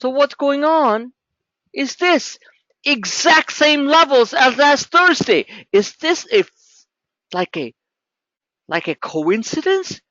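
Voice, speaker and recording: A man's voice: very high voice, expressive, slow pace, pauses often, sharp tone, no room sound, muffled recording. A man hosting a live trading webinar, talking emphatically and repeating himself as he walks viewers through charts. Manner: emphatic, repetitive, talks straight to viewers.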